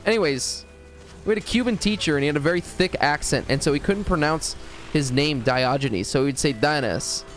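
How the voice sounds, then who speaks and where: A man's voice: on the high side, animated, fairly quick, soft background music. A man from the United States streaming live and rambling through a profane, joking story. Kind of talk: casual storytelling.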